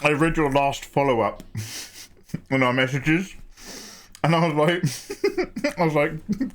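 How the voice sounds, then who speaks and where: A man's voice: fairly high pitch, expressive, slow pace, long pauses. A man hosting a casual livestream, greeting viewers by name in a chatty way and laughing often. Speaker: art livestream host.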